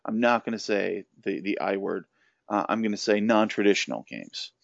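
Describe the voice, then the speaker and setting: A man hosting a podcast, speaking haltingly with many restarts. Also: on the low side, lively intonation, gravelly, dry recording. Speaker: podcast host. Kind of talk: casual podcast chat. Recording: dull, dry lo-fi audio.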